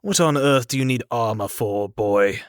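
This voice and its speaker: A man voicing a gruff, cranky old uncle. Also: medium pitch, normal speed, no room sound, studio quality, natural voice. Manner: grumbling, blunt and scornful. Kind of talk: audiobook character voice.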